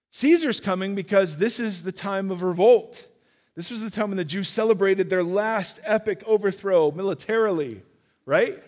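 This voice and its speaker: A man preaching a sermon in a church, animated and questioning his listeners directly. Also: high-pitched, big-room sound.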